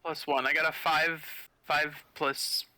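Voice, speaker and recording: A man playing a tabletop game, relaxed and easygoing, laughing easily. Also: on the high side, slow, dry recording. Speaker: player. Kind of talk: casual chat at a tabletop game.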